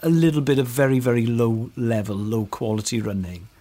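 A man's voice: mid-range voice, a little fast, mellow. A man co-hosting a podcast, telling stories in a casual, enthusiastic way and laughing often. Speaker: podcast co-host. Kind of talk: casual chat.

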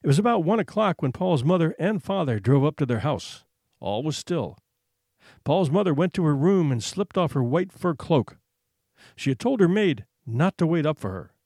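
A man narrating a short story in an expressive, suspenseful reading. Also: fairly high pitch, no room sound, clean studio sound. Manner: expressive, suspenseful, hushed for tension.

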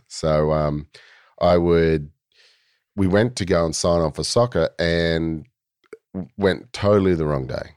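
A man's voice: low-pitched, moderate pace, darkish tone, no echo, studio quality. An Australian man in his forties, a guest telling stories in a laid-back, rambling way with plenty of fillers. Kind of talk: casual storytelling.

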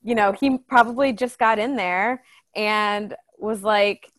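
A woman's voice: mid-range voice, slow, a bit bright. Chatty young woman podcast co-host. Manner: chatty, many fillers. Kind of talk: casual chat.

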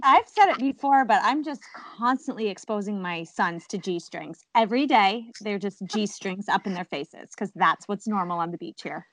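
A woman co-hosting a podcast, telling a funny story in lively, casual chat. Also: mid-range voice, normal speed, few pauses, a little hiss or hum. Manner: animated storyteller. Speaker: podcast co-host.

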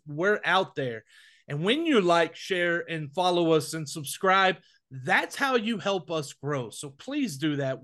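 Animated man talking football. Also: sits high. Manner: emphatic, animated, with quick repeated restarts. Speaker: co-host of a college football podcast. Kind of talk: casual sports podcast chat.

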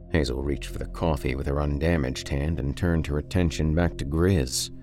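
A man reading a horror story aloud for a podcast in a slow, deliberate, dark way. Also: a bass voice, fairly even intonation, faint music behind. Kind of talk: dramatic horror story narration.

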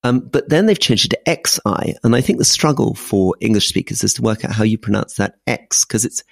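Podcast co-host, a man, self-deprecating and thoughtful, gravelly tone, dry studio sound. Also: fairly low pitch, animated, fairly quick, dry recording. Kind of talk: casual political chat.

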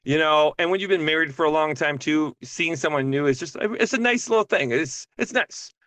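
Animated, joking woman guest, dry close mic. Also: sits low, moderate pace, dry recording. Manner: animated, joking, swears freely. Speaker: podcast guest. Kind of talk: casual podcast chat.

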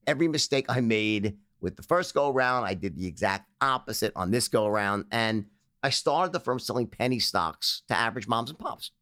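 Fast, lively-voiced man telling stories. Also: dry recording, studio quality. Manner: animated, acts out phone sales pitches in character. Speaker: interview guest. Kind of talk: storytelling in a conversational interview.

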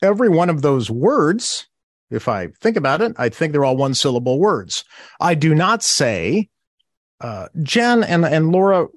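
A man's voice: a little high, very animated, a little slow, no room sound, clean studio sound. A man who is an author, giving a podcast interview and explaining his points with emphasis, acting out the phrases he quotes.

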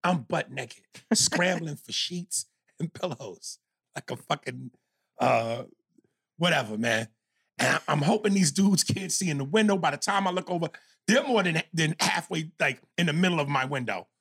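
A man from New York tells a long story on a podcast, cursing freely and slipping into quoted voices. His voice is gravelly with a husky, slightly rough edge. He keeps the story moving in an animated, casual rhythm. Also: fairly high pitch, normal speed, dry recording. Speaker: podcast co-host.

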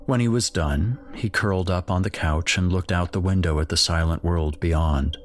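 A man narrating a dark horror story in a measured, grim storytelling voice. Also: deep voice, a little hiss or hum.

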